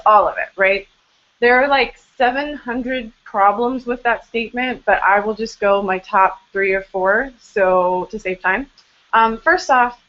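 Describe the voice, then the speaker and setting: A woman's voice: mid-range voice, a bit bright, lo-fi sound. An American woman hosting a live blogging Q&A webinar from home, talking in a chatty, informal, self-deprecating way over a video call. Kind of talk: casual live webinar talk. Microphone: webcam on a video call, later a headset.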